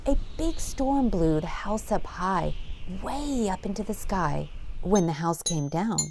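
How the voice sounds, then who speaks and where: A middle-aged woman narrating a children's story in a gentle, sing-song read-aloud manner. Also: medium pitch, expressive, a little slow, slight background noise. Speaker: narrator and producer.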